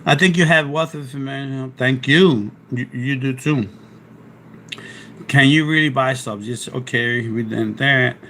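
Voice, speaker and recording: Chatty Philly man with a bright, forceful voice. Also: mid-range voice, measured pace, a little hiss or hum. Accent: Philadelphia. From South Philadelphia, USA. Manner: chatty, rambling, restarts often. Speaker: YouTuber on a live stream. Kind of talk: casual live stream, reading chat aloud and explaining.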